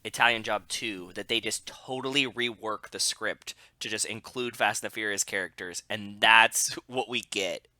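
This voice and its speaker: Bright-voiced man in wry banter. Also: on the low side, moderate pace, few pauses, dry recording. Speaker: podcast co-host. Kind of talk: casual chat.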